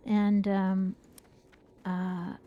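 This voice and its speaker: A woman's voice: mid-range voice, flat delivery, drawn-out words, narrow, tinny audio, a little hiss or hum. A woman chatting casually during a group game session, explaining things at length and laughing often. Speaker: gaming group member. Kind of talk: casual chat while gaming.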